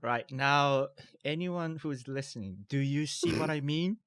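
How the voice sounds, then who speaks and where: A man's voice: a little high, a little slow, fairly bright tone, dry recording, studio quality. A man hosting a podcast interview in a casual, encouraging way, with frequent laughter and short replies. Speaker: podcast host.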